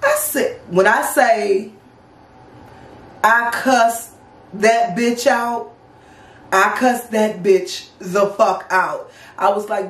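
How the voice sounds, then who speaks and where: A woman in her thirties from the Washington DC area, telling a personal story in a casual, profane, animated and wry way. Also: on the high side, slow. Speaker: storytime vlogger. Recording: roomy sound, distant from mic.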